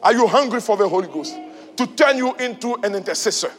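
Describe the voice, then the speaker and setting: A man preaching a sermon in church, repeating rhetorical questions and rising to shouts. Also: high voice, animated, quick pace. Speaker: pastor. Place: church hall. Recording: reverberant hall with faint music.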